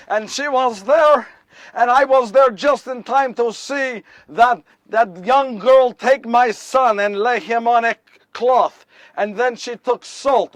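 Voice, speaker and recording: A man's voice: high-pitched, no echo, distant mic. A man performing a first-person monologue as Joseph, a nervous and earnest nineteen-year-old Jewish husband, telling his story in a wry, rambling way with repeated phrases. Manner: repetitive, wry storytelling with self-corrections. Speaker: solo stage performer. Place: live stage before an audience.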